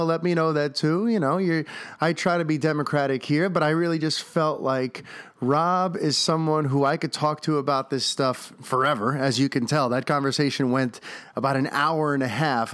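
A man hosting a casual podcast, chatty and enthusiastic, his voice sitting a little high for a man. The sound is close and dry, with no room around it. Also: clean tone, dry recording. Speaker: podcast host.

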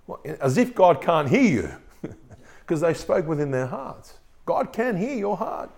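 Animated male pastor preaching. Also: high voice, measured pace, creaky. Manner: animated preaching, reads scripture aloud. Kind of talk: sermon.

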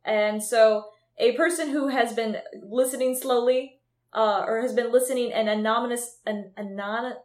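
Midwest girl cohosting a podcast, kinda high voice, jokey and stumbly, echoey room. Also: fairly even intonation, moderate pace. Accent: Midwestern American. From Michigan, USA. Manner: jokey, stumbles over words. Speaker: podcast co-host. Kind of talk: casual podcast chat. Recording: roomy echo.

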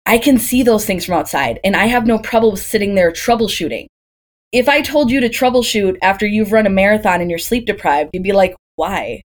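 A doula from Green Bay, Wisconsin, USA, in her thirties, speaks a little fast with lively intonation in a mid-range voice. Her casual podcast conversation is packed with stories and rhetorical questions.

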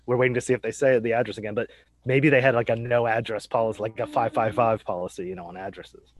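A man's voice: mid-range voice, fairly even intonation, quick pace. A man co-hosting a podcast, chatting casually about a TV episode, agreeable and often laughing. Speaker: podcast co-host.

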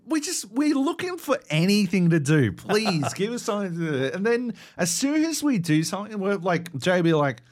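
A man co-hosting a gaming podcast, telling stories in a loud, sweary, mock-indignant way. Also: high-pitched, very animated, moderate pace, hardly any pauses. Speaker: podcast co-host. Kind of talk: casual chat.

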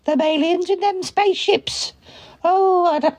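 A woman's voice: extremely high pitch, unhurried, darkish tone, dry recording. A woman doing a comedy improv sketch, rambling dottily about aliens. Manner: dotty, rambling comic chatter.

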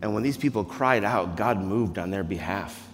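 A man's voice: lowish voice, moderate pace, soft background music. Earnest man preaching in a reverberant hall. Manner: conversational, earnest, swings from hushed to loud. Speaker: pastor. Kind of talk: sermon. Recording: long reverb of a large hall.

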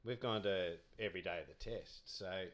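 A man's voice: sits low, moderate pace, a bit bright. A man, a podcast guest telling cricket anecdotes in a rambling, chatty way, laughing often.

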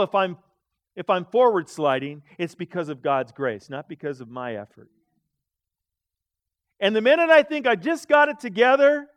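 A man preaching a sermon as pastor, animated, with dramatic swings between quiet asides and loud emphatic lines. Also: high-pitched, dry recording, clean studio sound.

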